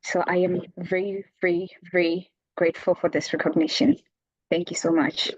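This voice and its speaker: A woman's voice: lowish voice, level tone, moderate pace, no room sound, lo-fi sound. Emotional woman giving a video-call acceptance speech. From South Africa. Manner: emotional, near tears. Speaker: award winner.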